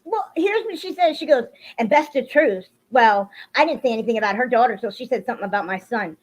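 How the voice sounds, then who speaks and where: A woman's voice: fairly high pitch, expressive, brisk. A woman hosting a casual livestream, greeting viewers by name and venting bluntly with plenty of swearing. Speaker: livestream host. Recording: dull lo-fi stream audio.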